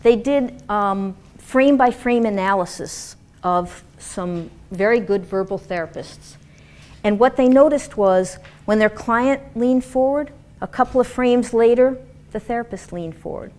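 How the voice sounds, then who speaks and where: A woman lecturing a class on dance and movement therapy in an animated, demonstrative way, acting out example voices. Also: on the high side, unhurried.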